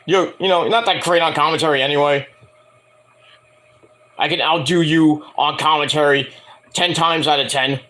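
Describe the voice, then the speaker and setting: Bright-toned man ranting casually. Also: a little high. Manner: rambling, profane, mocking rants. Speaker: wrestling show reviewer. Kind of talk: casual review vlog.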